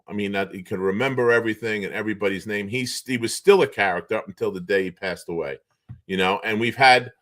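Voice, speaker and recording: A man from the New Bedford, Massachusetts area, telling stories as an interview guest. His voice sits a little low, and he chuckles and restarts as he talks. The delivery is animated and casual. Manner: animated storyteller, chuckles often, trails off in restarts. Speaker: guest, former basketball player and show co-host.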